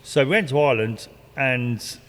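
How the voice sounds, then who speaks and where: A man's voice: mid-range voice, normal speed. A middle-aged man, a former racing driver, telling rambling, repetitive stories in casual conversation and swearing freely. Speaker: guest, retired racing driver. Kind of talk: casual anecdotal storytelling. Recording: reverberant room.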